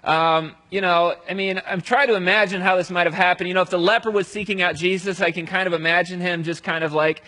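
A male pastor giving a conversational sermon, telling the story aloud and dropping to a hush at solemn moments. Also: high voice, steady tone, fast, hardly any pauses, rough recording.

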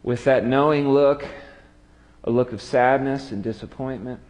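A man preaching a sermon, retelling a story with dramatic swings from lively to hushed. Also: medium pitch, unhurried. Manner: storytelling, dramatic drops to quiet. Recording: long hall reverb.

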